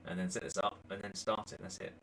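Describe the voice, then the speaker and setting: A man's voice: low voice, fairly even intonation, fast, vocal fry, fairly bright tone, slight background noise, low-quality recording. A middle-aged man, co-hosting a casual Q&A chat in a teasing, joking manner. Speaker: co-host of a dance channel Q&A.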